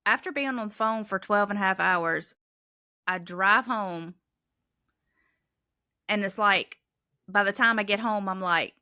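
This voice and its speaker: A woman with a bright, forceful voice talks earnestly and openly in a podcast interview about her emergency dispatch work. Her speech turns halting at times, recorded close and dry with no room echo. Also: medium pitch. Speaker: 911 dispatcher guest.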